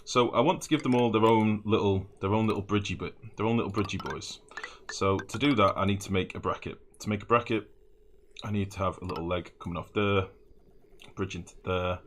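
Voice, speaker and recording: A man's voice: lowish voice, steady tone, brisk, slight background noise. A man streaming a game live, rambling and swearing as he builds, often humming and mumbling to himself. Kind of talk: live gameplay commentary.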